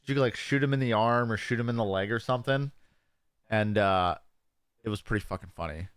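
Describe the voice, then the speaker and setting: A young man co-hosting a casual podcast, swearing often and telling stories with animated quoted voices. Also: lowish voice, fairly quick, smooth, no room sound, studio quality. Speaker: podcast co-host.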